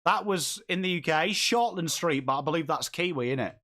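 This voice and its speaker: An Englishman hosts a live footy watchalong stream, chatting casually, reading and answering viewer comments as he reacts to and calls the game. His voice is fairly high, expressive and fairly quick, with a pushed, bright quality.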